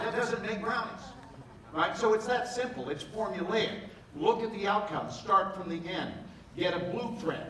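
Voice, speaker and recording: An older man gives a playful motivational talk to a live crowd. His voice sits a bit high and rings through a large, echoing hall. He is picked up from a distance, with steady noise under him. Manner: animated, playful, jokey with bursts of emphasis. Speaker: motivational speaker. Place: large event hall before a live audience. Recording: echoey hall, from far off, with noise.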